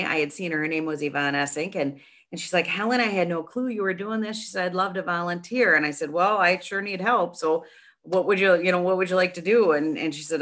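Chatty middle-aged woman with a bright voice. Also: on the low side. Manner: chatty, animated storyteller with many restarts. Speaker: nonprofit founder, guest. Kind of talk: casual storytelling interview.

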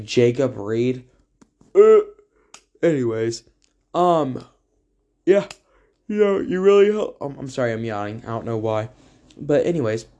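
A teenage boy gives a casual spoken tribute to a friend in a loose, joking ramble. His voice is dark in tone at an ordinary middle pitch, and he fills gaps with ums and drifts into side comments.

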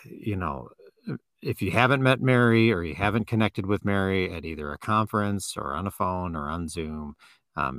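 Guy cohosting a podcast, deep voice but bright and forceful, jokey, lots of ums, dry sound. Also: dry recording. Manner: jokey, laughs often, filler-heavy. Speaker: podcast co-host. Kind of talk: casual chat.

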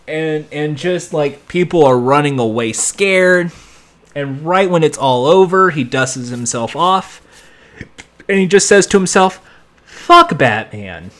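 A man with a fairly high voice and a measured pace rambles through a casual recap of a TV episode. Reviewing it, he gets animated and acts out lines as he goes.

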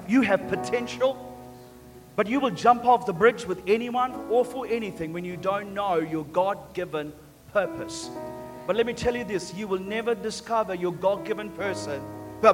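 Male pastor, high voice, energetic sermon delivery, echoey hall. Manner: emphatic, joking, repeats words. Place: church. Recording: long church reverb, faint music.

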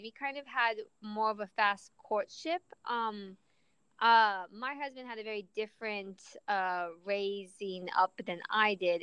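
A woman's voice: medium pitch, fairly bright tone, smooth, no echo, low-quality recording. A woman in her thirties with a mixed Southern and Midwestern accent, chatting as an interview guest and laughing easily. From southern US, Florida. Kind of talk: casual interview.

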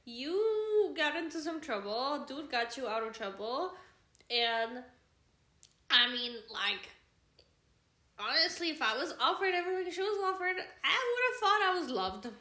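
A woman chats casually about a book she is reviewing, sarcastic and mocking, with plenty of swearing. Her voice is high and bright. The recording has a roomy echo. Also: very animated, measured pace. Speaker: podcast co-host.

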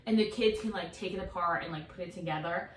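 A young mother chatting casually, an animated storyteller who swears freely and talks in fillers. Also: on the low side, quick pace. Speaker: mom and podcast co-host. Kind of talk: casual chat. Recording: echoey room, far from mic, faint hiss.

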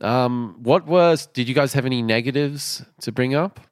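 A man's voice: medium pitch, moderate pace, smooth, dry recording, clean studio sound. A man co-hosting a casual movie review chat, often agreeing and steering the talk. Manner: agreeable, frequent backchannel "yeah". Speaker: podcast co-host.

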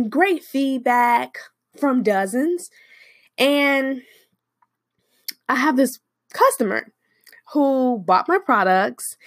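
Woman, small-business owner, unhurried expressive storyteller, dry close sound. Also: on the high side, dry recording. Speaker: hair care business owner. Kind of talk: personal storytelling.

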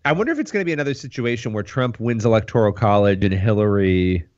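A man co-hosting a political talk show by phone, calmly explaining the news. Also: lowish voice, fast. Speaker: co-host on the phone. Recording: dull phone line.

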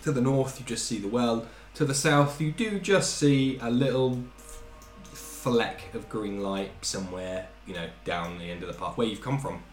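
A man narrating as game master of a tabletop game, talking softly and trailing off. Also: mid-range voice, normal speed, hardly any pauses, roomy sound, faint music behind.

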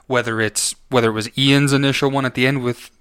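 A man's voice: medium pitch, fairly even intonation, a little fast, fairly bright tone, smooth, no echo, studio quality. A man co-hosting a podcast, giving a casual film review in a rambling way, full of restarts and self-corrections. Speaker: podcast co-host.

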